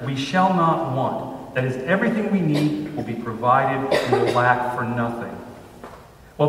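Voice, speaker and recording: A man preaching a sermon as pastor, measured, slowing down to stress scripture lines. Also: mid-range voice, fairly bright tone, a little hiss or hum. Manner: measured, with slow emphatic pauses on scripture. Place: church sanctuary. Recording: roomy church hall from far off.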